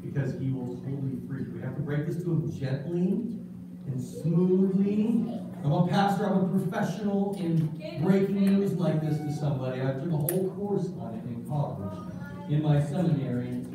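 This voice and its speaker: A man's voice: fairly high pitch, normal speed. A children's pastor, a man, leading a playful kids church puppet skit with mock-solemn delivery. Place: large echoey church room. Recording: echoey room from far off, noisy.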